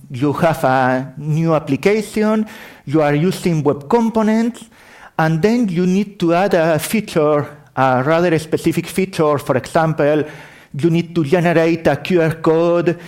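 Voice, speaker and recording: A man's voice: fairly high pitch, a little slow, darkish tone. A middle-aged man from Spain with a Spanish accent tinged with French, giving a tech conference talk, often correcting himself as he explains. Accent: Spanish, with French influence. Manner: apologetic, self-correcting, explanatory. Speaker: conference speaker. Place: conference hall.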